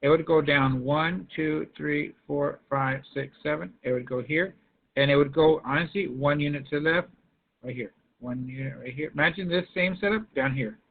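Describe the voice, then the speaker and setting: A man's voice: on the high side, moderate pace. Man teaching coaxing teacher on tinny call. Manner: coaxing, calls students by name. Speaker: math teacher. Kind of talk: online class lecture. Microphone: video call. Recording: tinny phone-like line.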